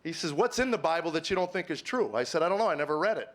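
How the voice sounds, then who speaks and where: Animated male stand-up storyteller. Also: a little high, rapid-fire. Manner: animated, acts out dialogue with voice shifts. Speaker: stand-up comedian. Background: audience laughter.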